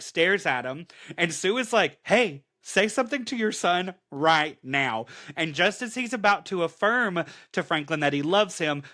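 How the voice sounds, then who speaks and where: Male podcast co-host, expressive storyteller, sharp bright tone. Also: a little high. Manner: animated storyteller acting out reactions, swears freely. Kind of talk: casual chat recapping a comic.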